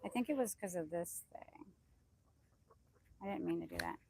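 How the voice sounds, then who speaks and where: A woman chatting casually on a phone live stream while walking through her backyard garden, rambling loosely and calling out high to her chickens. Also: moderate pace, pauses often, background noise. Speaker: vlogger. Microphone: phone held in hand.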